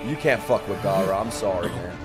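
A young man giving a live reaction to an anime, excitable and profane, with bursts of laughter. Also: sits low, brisk. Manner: excitable, swearing, laughing outbursts. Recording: show audio and music behind. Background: anime soundtrack music.

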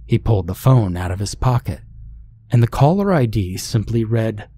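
A man narrating a scary story in a calm, measured scripted reading. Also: lowish voice, husky.

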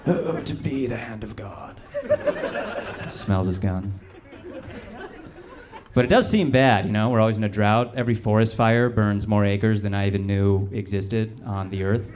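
A young adult man performing a stand-up comedy set, telling stories in a deadpan, low-key way. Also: normal speed, a faint crowd, a little hiss or hum. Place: small live comedy venue with audience.

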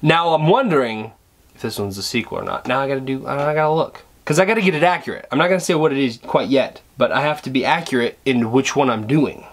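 A man's voice: medium pitch, quick pace. A man vlogging in a casual, rambling, self-deprecating way, chuckling as he talks. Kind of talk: casual chat to camera.

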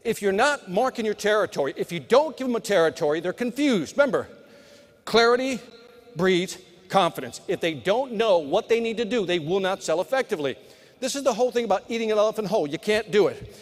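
High-pitched motivational man in a big hall. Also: lively intonation, fairly quick. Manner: punchy motivational delivery, talks to the crowd. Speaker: keynote sales speaker. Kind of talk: live conference keynote. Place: large conference hall. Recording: long hall reverb.

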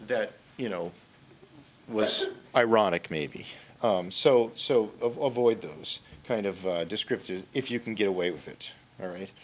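In a conference room, a man with a mid-range, fairly bright voice gives a conversational workshop talk on writing, with a little hiss or hum in the audio. He checks in with the audience often, frequently ending his points with "okay?"

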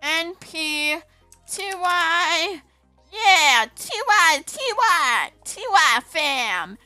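A woman putting on a silly, drawn-out voice to read chat messages aloud. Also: very high-pitched, animated, pushed and bright, no room sound, faint music behind, voice pushed up, exaggerated voice. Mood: goofy.

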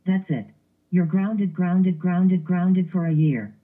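A man's voice: high voice, slow. A male computer voice playing a strict guardian who scolds and repeats himself, over tinny lo-fi sound. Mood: scolding. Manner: scolding, repetitive.

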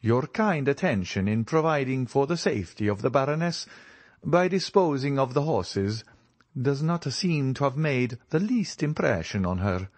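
A man reading an audiobook and voicing a suave, ironic nobleman count with a smooth, measured, faintly mocking delivery. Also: medium pitch, sing-song, no echo, voice pushed up, close to an everyday voice. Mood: wry.

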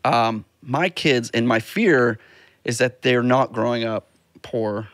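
A man's voice: medium pitch, takes it slowly, fairly bright tone, dry recording, clean studio sound. A middle-aged man hosting a podcast, talking thoughtfully about fatherhood, often repeating words as he starts a thought. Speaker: podcast host. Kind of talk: casual chat.

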